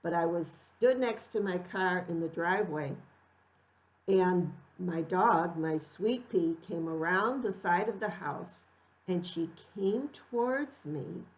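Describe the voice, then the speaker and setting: A middle-aged woman tells a personal story at a slow, unhurried pace. Her pitch sits mid-range for a woman, and she stays reflective, turning animated when she acts out what people said. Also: rough recording. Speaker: art vlogger telling a personal story.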